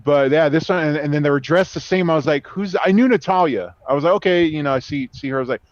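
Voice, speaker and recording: A man's voice: on the high side, fast, crowd noise. A man co-hosting a podcast in casual chat, laid-back and agreeable. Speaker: podcast co-host. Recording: dry, dull lo-fi sound.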